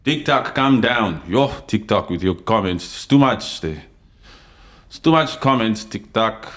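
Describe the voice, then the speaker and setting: Forceful confrontational man hosting a podcast. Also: on the low side, animated, unhurried. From Congo. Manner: forceful, confrontational, swings between loud outbursts and quiet asides; reads and answers live comments. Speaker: podcast host. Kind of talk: unscripted opinion podcast monologue.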